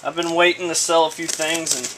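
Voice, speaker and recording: A man's voice: on the high side, level tone, brisk, noisy background. A man chatting casually while unboxing, rambling and stammering with many hesitations as he talks about breeding snakes.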